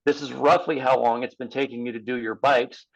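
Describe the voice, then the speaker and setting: A man's voice: mid-range voice, steady tone, fairly quick, gravelly, rough recording. Guy coaching triathletes on a podcast, easygoing, lots of practical examples. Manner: explains with practical examples and quoted dialogue. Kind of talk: casual podcast conversation.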